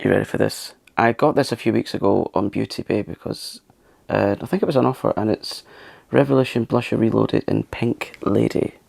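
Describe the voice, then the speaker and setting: A man hosting a makeup channel, talking softly through a tutorial in a chatty, self-mocking way and sometimes dropping into a whisper. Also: on the low side, a little fast, vocal fry, no room sound. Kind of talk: soft-spoken makeup tutorial.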